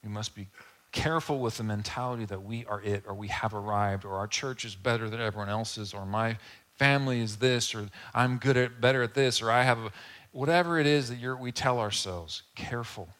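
A man preaching a sermon in a conversational, casual way, with asides and quick acted-out quotes. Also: medium pitch, a bit bright. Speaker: pastor.

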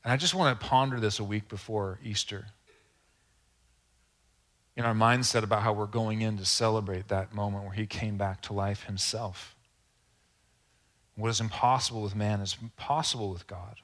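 A man's voice: fairly low pitch, fairly even intonation, normal speed, pauses often, fairly bright tone. A man preaching a sermon as pastor, speaking earnestly and conversationally, with asides and questions to the congregation.

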